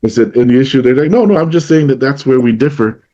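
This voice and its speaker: A man's voice: mid-range voice, fast, dark tone, dull audio. A man co-hosting a casual talk podcast, telling long personal stories and acting out what his friends said. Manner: storytelling, retells what others said in their voice. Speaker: podcast co-host. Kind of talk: casual conversation.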